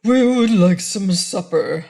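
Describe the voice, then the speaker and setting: A woman's voice: mid-range voice, lively intonation, slow, gravelly, darkish tone, exaggerated voice. A large talking frog from a children's storybook, a courteous male who asks for things formally and projects his voice, as a woman reader puts him on. He speaks slightly raised and polite, with a storybook fairness. The sound is close and plain.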